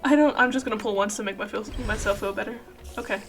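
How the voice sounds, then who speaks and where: A woman streamer chatting live over a game, dramatic and swinging from low mumbles to shrieking outbursts. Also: fast, over music. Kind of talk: live gaming stream chat.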